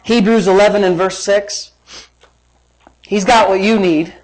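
A man's voice: high voice, steady tone, measured pace, rough recording. A man pastor preaching a sermon, emphatic and repetitive, mixing playful family stories into his points.

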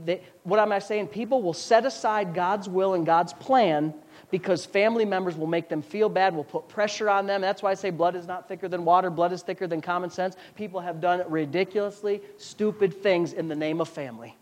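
A man with a high voice preaching a sermon as pastor, emphatic and repeating his points. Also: brisk, darkish tone.

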